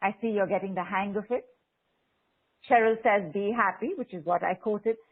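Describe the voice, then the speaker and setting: In this guided affirmation session, a spiritual teacher with a husky, mid-range voice leads a group call, reading participants' messages and repeating phrases in a slow, coaxing way. It's captured through an online video call, so the audio sounds phone-like.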